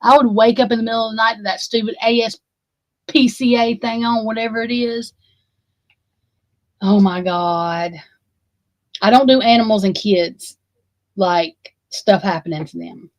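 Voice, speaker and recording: A woman's voice: on the high side, moderate pace, long pauses, no room sound, rough recording. A woman, chatting casually with her livestream viewers in a rambling, profane and emphatic way. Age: 40s. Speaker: livestream host.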